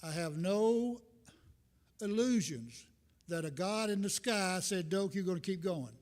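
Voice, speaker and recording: An older man giving a rambling, folksy sermon as a visiting minister, with self-deprecating humor. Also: sits high. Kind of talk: informal sermon. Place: church sanctuary. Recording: long reverb from a church hall.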